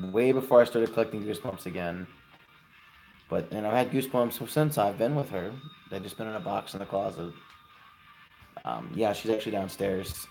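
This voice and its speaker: A man's voice: medium pitch, slight background noise. Chatty young man on a live stream. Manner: chatty, relaxed, giving friendly advice. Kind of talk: casual live stream chat answering viewers.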